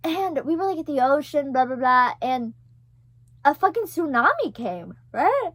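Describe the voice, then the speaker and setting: A young woman telling a story in a casual vlog, animated and profane, with many fillers. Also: high-pitched, unhurried, dry recording. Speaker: vlogger.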